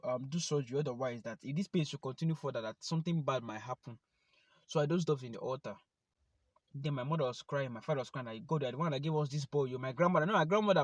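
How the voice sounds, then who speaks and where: Young Nigerian man, vlogger, quick animated testimony, close dry sound. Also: a little high, dry recording. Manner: animated, talks straight to viewers. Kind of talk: personal testimony to camera.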